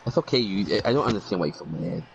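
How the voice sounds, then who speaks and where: A man's voice: deep voice, animated, fast, gravelly, crowd noise. A man co-hosting a casual wrestling podcast, joking and teasing. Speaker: podcast co-host.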